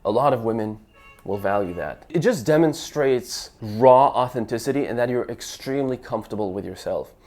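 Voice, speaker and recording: A man's voice: medium pitch, lively intonation, moderate pace, a little mellow, faint music behind. A young man, a dating coach, talking casually to camera and acting out sample lines, with frequent stammers and restarts. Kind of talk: casual advice talk to camera.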